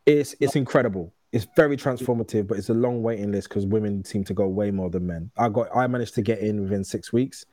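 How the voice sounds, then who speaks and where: Candid man, mellow low voice. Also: no room sound. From United Kingdom. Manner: candid, storytelling, quick restarts. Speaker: guest. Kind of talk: casual conversation.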